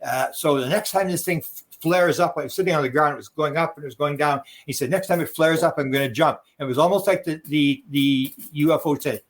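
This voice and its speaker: A man's voice: fairly high pitch, fairly quick. A man giving a rambling interview answer as a guest author, acting out quoted dialogue as he tells stories. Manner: rambling anecdotal telling, acts out quoted dialogue. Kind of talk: interview storytelling.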